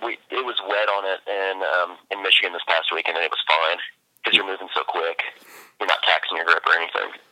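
A man's voice: low voice, steady tone, brisk, bright, forceful tone, no echo, rough recording. A man who races obstacle courses, chatting easygoingly with many fillers. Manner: easygoing, laughs often, trails off with fillers. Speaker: obstacle racer guest. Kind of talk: casual chat.

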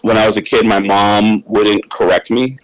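Swearing, fast-talking male comedian. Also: on the low side, level tone, no echo, rough recording. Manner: loose, swearing, quick storyteller with laughs. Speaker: comedian guest. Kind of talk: casual anecdote telling.

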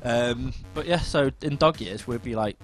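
A man co-hosting a casual podcast, talking in an animated, jokey way. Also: medium pitch, moderate pace, soft background music. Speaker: podcast co-host. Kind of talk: casual chat.

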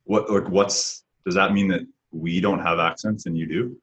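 Male co-host, very low and husky, animated chatty delivery. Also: moderate pace, highs cut off. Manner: animated storytelling with many likes. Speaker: podcast co-host. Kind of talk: casual podcast chat.

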